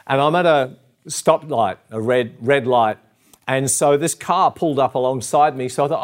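A middle-aged Australian man giving a sermon in an earnest, conversational way. He stops for fillers and restates his key lines. His pitch sits at an ordinary male middle. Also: moderate pace. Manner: earnest and warm, with fillers and repeated phrases. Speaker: pastor.

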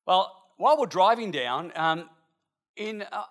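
A middle-aged man, telling a lively, chatty anecdote to an audience with asides along the way. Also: high-pitched, a little slow. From Australia. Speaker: storyteller.

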